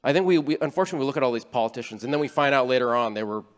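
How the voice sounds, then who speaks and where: Speaking very fast in a church sanctuary with a long reverb tail, a man with a medium-pitched, lively voice preaches a sermon as a church elder. His delivery is earnest and conversational, with frequent restarts.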